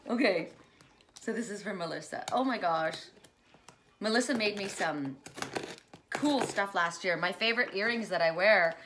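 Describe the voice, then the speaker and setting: A woman chatting excitedly as she unboxes gifts in a casual vlog, gushing over each one. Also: medium pitch, moderate pace, long pauses, background noise. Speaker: spiritual vlogger unboxing gifts.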